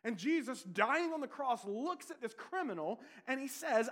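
Pastor, male, high voice, earnest sermon delivery with chatty asides. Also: lively intonation, moderate pace, few pauses. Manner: earnest preaching, rising to emphatic peaks and dropping to quiet intensity; conversational asides with rhetorical questions.

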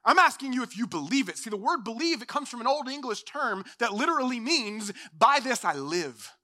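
A young adult pastor preaches a sermon with passion, swinging between loud declarations and hushed, low passages. He's animated and talks fast.

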